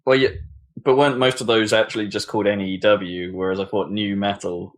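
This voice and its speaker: A man's voice: lowish voice, level tone, a little fast. A man co-hosting a podcast in casual chat, playful and musing. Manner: playful, musing, mid-range voice. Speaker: podcast co-host.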